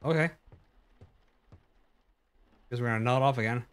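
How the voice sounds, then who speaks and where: A man's voice: medium pitch, normal speed, clear, resonant tone. A young man giving casual let's-play commentary, joking and reacting jumpily to a horror game. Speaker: gaming YouTuber.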